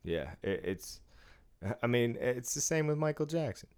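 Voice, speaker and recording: Guy cohosting a podcast, swears a lot, blunt, laughs a bunch, normal pitch. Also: very animated, unhurried, smooth. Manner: profane, blunt, laughs often. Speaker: podcast co-host. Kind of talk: casual chat. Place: studio room.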